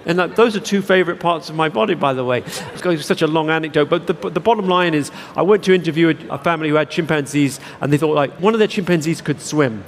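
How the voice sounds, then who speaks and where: A man speaking on stage to a packed theatre, telling a meandering, self-deprecating story full of false starts and asides. His voice sits a touch high for a man. The sound carries the long reverb of a big hall with faint noise underneath. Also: fast talker, hardly any pauses. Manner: rambling, self-deprecating storytelling with many restarts. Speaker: keynote speaker. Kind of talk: live stage anecdote and Q&A. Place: large theatre with audience.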